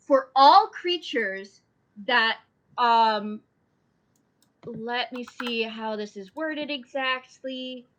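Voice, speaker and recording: A woman playing in an online tabletop game, thinking aloud in a measured way as she describes her character's move. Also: a little high, fairly bright tone, low-quality recording. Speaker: player. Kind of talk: casual chat during a tabletop game.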